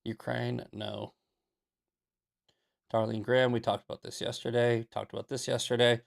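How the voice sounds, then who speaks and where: A man's voice: medium pitch, flat delivery, normal speed, gravelly. A man hosting a live political commentary show, talking emphatically, repeating himself and reading from the chat with sarcastic asides. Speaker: livestream political show host.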